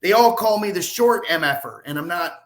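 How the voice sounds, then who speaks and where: Lively sports reporter telling stories. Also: male voice, sits high, brisk. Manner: animated, self-deprecating, rambling. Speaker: podcast guest, sports reporter. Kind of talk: casual storytelling.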